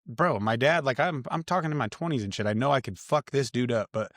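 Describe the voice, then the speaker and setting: A man's voice: medium pitch, fairly quick, a bit bright, no echo. Dude from california in his 30s, rambling cussy stories, mid voice, dry sound. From Grass Valley, California. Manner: profane, slangy storytelling full of dude and bro. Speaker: podcast guest. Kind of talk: casual podcast chat.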